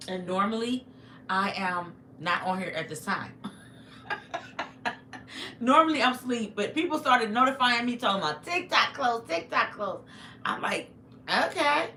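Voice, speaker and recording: Chatty bright-voiced woman livestreaming. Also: medium pitch. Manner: chatty, talks to chat while eating. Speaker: livestream vlogger. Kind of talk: casual livestream chat. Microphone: phone. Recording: echoey room with faint noise.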